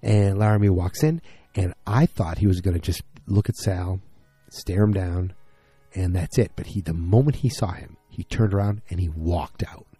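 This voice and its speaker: A tired man casually recapping a TV episode, rambling and acting out the characters' lines in quick bursts. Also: low-pitched, dark tone, husky, no room sound, soft background music. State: tired, yawning. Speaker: podcast host recapping a TV episode.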